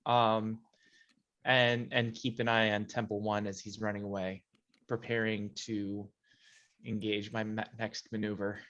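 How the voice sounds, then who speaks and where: Slow, deliberate man planning his turn. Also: lowish voice, flat delivery, a bit bright, muffled recording. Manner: thinks aloud, plans moves step by step. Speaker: player. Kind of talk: playing a tabletop game.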